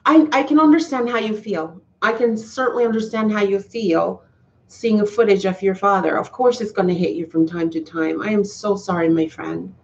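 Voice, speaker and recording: A woman chats with her live viewers in a heartfelt, earnest way, circling back and restarting her sentences. Her voice sits at a middle pitch. The sound is slightly dull and lo-fi. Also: normal speed, vocal fry, darkish tone. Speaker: YouTuber talking to live chat. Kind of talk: casual live-stream chat.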